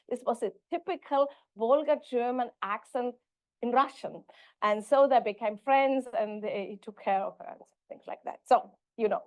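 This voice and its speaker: Female linguistics professor, higher-pitched, giving a conference lecture, halting and self-correcting, close dry sound. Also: dry recording.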